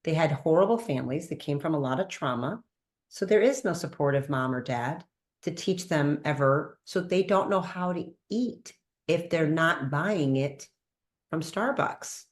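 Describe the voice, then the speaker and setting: A woman host and doctor in a casual interview conversation, animated, laughing often and acting out quoted dialogue. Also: sits low, normal speed.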